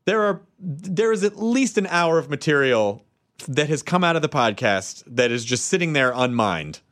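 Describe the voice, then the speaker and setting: Playful quick-talking man co-hosting a podcast. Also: fairly high pitch, animated, a bit bright. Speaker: podcast co-host and comedian. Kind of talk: casual podcast banter.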